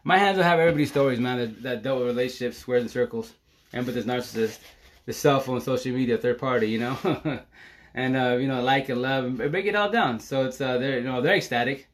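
A man talking fast on a casual live stream, excitable and slangy, swearing freely and filling his talk with "you know". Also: medium pitch. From Seattle area. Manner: fast, excitable, slangy and profane with constant fillers. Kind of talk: casual Facebook Live monologue.

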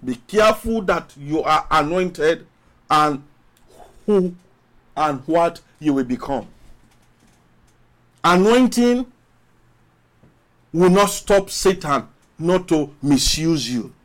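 Slow, high-voiced preaching man. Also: lively intonation. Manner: emphatic preaching with long pauses and rising calls; repeats phrases, drawn-out words. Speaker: pastor. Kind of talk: sermon.

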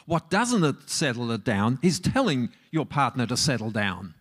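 A middle-aged man talks to an audience as a marriage counsellor. His delivery is conversational and easygoing, and he often turns to them with questions. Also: on the high side. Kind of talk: relaxed talk to a live audience.

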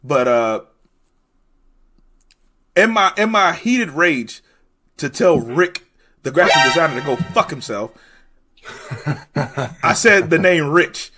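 A man hosting a podcast, bantering loudly with profane jokes. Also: on the high side, lively intonation, takes it slowly, pauses often, soft background music. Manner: loud, joking, profane banter. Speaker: podcast host. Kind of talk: casual chat.

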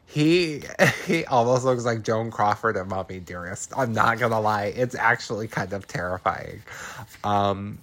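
A man's voice: on the low side, measured pace, a bit bright. A man hosting a podcast, recapping a horror film in casual chat, laughing often, swearing freely and throwing in dramatic asides.

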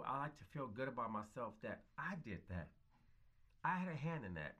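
A man's voice: medium pitch, bright, forceful tone. A man in his fifties, a foster parent interviewed about his life, speaking in an earnest, reflective way and repeating phrases for emphasis. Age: 50s. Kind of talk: casual interview talk.

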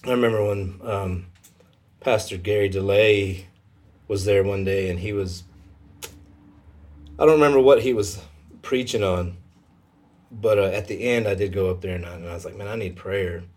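A man telling a personal faith story in a casual conversation, emotional and halting, with many fillers. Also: on the low side, a little mellow.

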